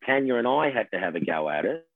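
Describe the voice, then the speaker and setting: A middle-aged Australian man, a television host, telling stories in a lively casual chat and laughing often. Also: medium pitch, fast, no room sound. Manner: animated storyteller, laughs often, says mate. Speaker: TV host guest. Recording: tinny phone line, dry.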